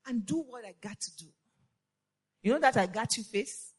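A woman delivers an impassioned sermon, pressing her listeners with repeated rhetorical questions. Her voice sits high and carries a breathy, husky edge. Her pitch leaps and falls dramatically as she builds to shouted lines. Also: lively intonation, moderate pace, pauses often. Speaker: preacher addressing women.

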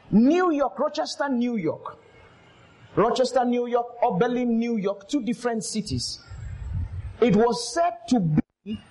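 A pastor preaching with a very high, animated voice that leaps up and down in pitch. He speaks emphatically, calls out to his congregation and tells stories full of quoted voices. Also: rough recording. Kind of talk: sermon.

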